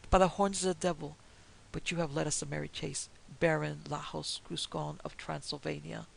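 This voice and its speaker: A woman's voice: sits low, flat delivery, normal speed, gravelly, breathy edge, full character voice, low-quality recording. A woman voicing a dapper little French detective with a French accent, mocking and airy, slipping French phrases into his talk.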